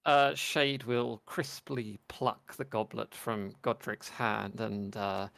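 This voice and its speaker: A man's voice: on the low side, fairly even intonation, slow pace, creaky, a bit bright, no room sound. A man playing a tabletop game, playful and slipping into a theatrical character voice. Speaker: player. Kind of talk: tabletop role-play.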